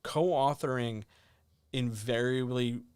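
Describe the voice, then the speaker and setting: A man's voice: slow pace, smooth, no echo. A man hosting a writing advice livestream, answering viewer questions in blunt, sardonic, casual chat. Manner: blunt, sardonic, animated, with sudden jumps in pitch.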